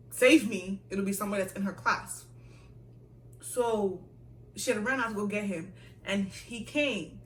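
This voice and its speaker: A young woman from the US chats through a vlog Q&A, animated and laughing as she acts out voices. Her tone is bright and sharp. The echoey room and the distance from the mic come through, with faint noise behind. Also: mid-range voice. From United States. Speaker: vlogger. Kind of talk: casual storytelling Q&A.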